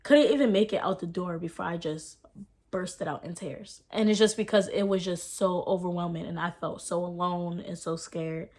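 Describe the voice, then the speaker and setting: A woman's voice: on the low side, a little mellow. A young mother telling her story in a casual personal vlog, speaking with emotion, using many fillers, and talking to viewers as "y'all.". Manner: fast, filler-heavy speech with rising and falling intensity. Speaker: vlogger and mother.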